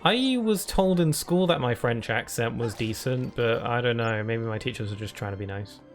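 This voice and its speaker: A man's voice: mid-range voice, animated, normal speed, faint music behind. A British man chatting casually while streaming a video game, laughing often and reading chat and on-screen text aloud. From United Kingdom.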